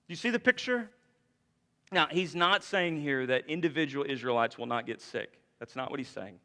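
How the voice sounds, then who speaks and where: A man's voice: fairly high pitch, normal speed, pushed and bright. Man preaching in a reverberant sanctuary. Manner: conversational preaching with frequent rhetorical questions. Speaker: pastor. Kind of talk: sermon. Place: church sanctuary.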